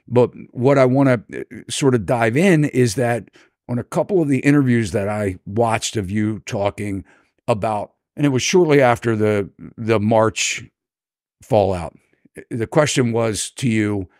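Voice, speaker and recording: An American man hosting an interview, his questions loose and winding, full of "you know" and false starts. His voice sits at an ordinary middle pitch. The sound is close and dry, with no room around it. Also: a little slow, darkish tone, dry recording. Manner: rambling, hedging with many fillers. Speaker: podcast host, real estate broker.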